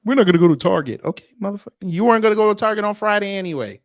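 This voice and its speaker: Man, high-pitched voice, dry close sound, loud teasing banter, casual comedic chat. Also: expressive, very fast, no room sound. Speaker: podcast host.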